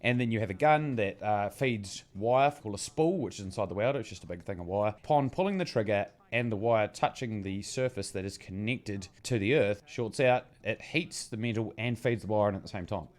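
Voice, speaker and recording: A man's voice: lowish voice, a little fast, hardly any pauses. Slangy storytelling New Zealand man. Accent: New Zealand, Southland. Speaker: podcast host. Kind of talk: casual chat.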